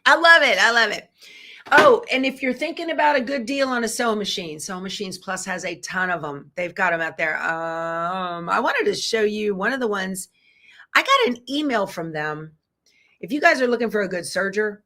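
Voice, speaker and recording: A woman's voice: mid-range voice, bright, forceful tone. A middle-aged woman hosts a quilting channel, chatting casually and folksily with her live-stream viewers and reading out their comments.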